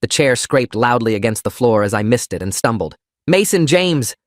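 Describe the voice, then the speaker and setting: A man narrating a first-person story in a steady, plain reading voice. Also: fairly low pitch, brisk, no echo, studio quality.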